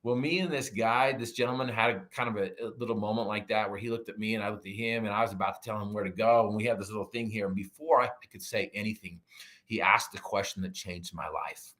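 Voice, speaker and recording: Bright-voiced, animated middle-aged male storyteller. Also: fairly low pitch, fast talker. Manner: animated storyteller, acts out his own quoted lines. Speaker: podcast guest.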